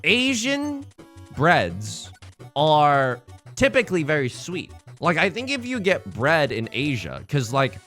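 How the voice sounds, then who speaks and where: A young man live-streaming a tile game, bantering with chat in a rambling, jokey way and swinging between shouts and mutters. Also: a little high, wildly swooping pitch, slow pace, soft background music.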